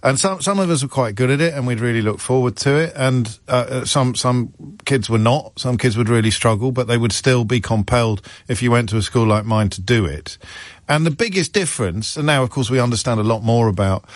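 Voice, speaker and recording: A man's voice: mid-range voice, no echo. Wry radio host in his fifties. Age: 50s. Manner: wry, mocking and conversational, with quick restarts. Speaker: radio talk show host. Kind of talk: talk radio monologue.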